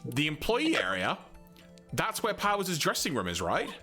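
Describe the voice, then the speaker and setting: A man's voice: fairly high pitch, wildly swooping pitch, moderate pace, sharp tone, faint music behind, heavily acted. A man voicing an earnest young male defense lawyer in a video game, reading in a plain, matter-of-fact way. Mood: questioning.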